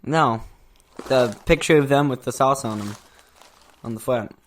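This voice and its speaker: A young man co-hosting a casual snack-tasting chat with his father, goofy with deadpan asides. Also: medium pitch, unhurried. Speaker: podcast co-host, son.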